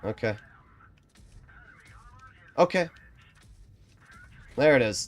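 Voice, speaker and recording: Streamer, male, lively pitch, swings from quiet planning to loud swearing rants. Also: takes it slowly, pauses often. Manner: frustrated ranting, swears often; quiet, low-key strategy talk. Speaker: gaming streamer. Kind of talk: live game commentary.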